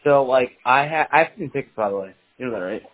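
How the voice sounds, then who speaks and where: Excitable swearing man on a tinny call. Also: mid-range voice, fast. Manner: excitable storyteller, swears a lot, acts out quotes. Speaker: podcast co-host. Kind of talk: casual chat about fantasy football. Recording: dry, tinny phone-line sound.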